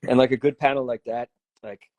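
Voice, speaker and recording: A man chats with a guest, animated and rambling, with plenty of swearing and filler words. His voice sits in an ordinary middle range. The sound is dry and close. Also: mid-range voice, a little fast, no room sound. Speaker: host. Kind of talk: casual chat.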